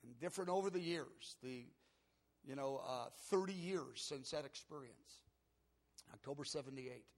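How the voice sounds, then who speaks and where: A man's voice: medium pitch, normal speed. A middle-aged man preaching a sermon, telling a personal story with earnest emotion that builds in intensity. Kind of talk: sermon testimony.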